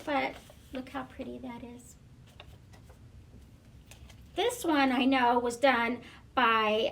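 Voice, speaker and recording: A woman school librarian reading a picture book aloud to children, gentle and hesitant, often pausing with fillers. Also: sits high, vocal fry.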